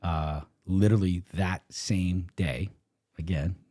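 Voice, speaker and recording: Deep-voiced man telling a lively story. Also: takes it slowly, dry recording, clean studio sound. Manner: animated, acts out dialogue, swings between low and high. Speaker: podcast guest, real estate coach. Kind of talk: casual storytelling.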